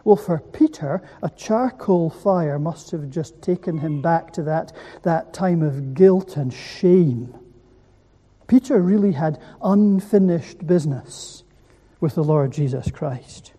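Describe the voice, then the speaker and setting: A preacher delivers a sermon at an unhurried pace, leaning on rhetorical questions and repeated words. The voice is deep-toned and husky. It carries the long reverb of a large hall. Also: dark tone. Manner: asks the listeners rhetorical questions; gives words weight by repeating them. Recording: echoey hall.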